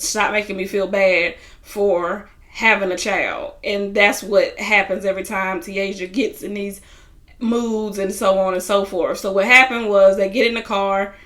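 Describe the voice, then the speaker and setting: A woman's voice: medium pitch, fairly bright tone. A woman chatting casually as she recaps a reality TV episode, acting out what people said with lots of "you know.". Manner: chatty, retells scenes in quoted voices, many fillers.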